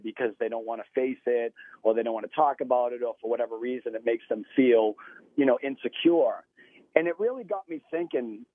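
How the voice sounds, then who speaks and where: A man's voice: medium pitch, no room sound. A man calling in to a radio interview, chatty and telling stories, laughing easily. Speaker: guest musician calling in. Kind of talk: phone interview. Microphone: phone. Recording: tinny phone line.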